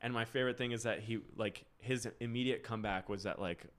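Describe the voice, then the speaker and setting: A young man with a fairly low voice chats loosely as a podcast guest. He tells long, meandering stories and breaks into laughter often. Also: steady tone, fast talker, fairly bright tone. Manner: rambling storyteller, laughs often. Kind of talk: casual podcast chat.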